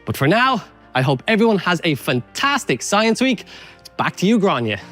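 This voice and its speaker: An Irish man presenting science to children, leading an energetic, playful warm-up with jokes and instructions. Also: high voice, moderate pace, soft background music. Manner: upbeat, playful, joking instructions.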